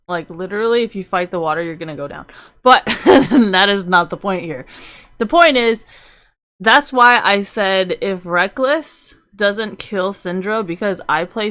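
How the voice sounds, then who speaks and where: Bright-voiced young woman, rambling stream commentary. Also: medium pitch. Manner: rambling, profane, laughing often. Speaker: game streamer. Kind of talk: casual live game commentary.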